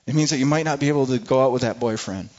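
A man preaching a sermon to a congregation with passion, swinging from soft, low moments to loud, high pleas and often repeating words. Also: rapid-fire, lo-fi sound. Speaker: pastor.

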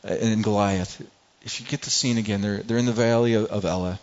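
A man's voice: fairly low pitch, fairly even intonation, fast talker, darkish tone, highs cut off. Man preaching a conversational sermon. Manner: conversational preaching, acts out everyday people, frequent repeats. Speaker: pastor.

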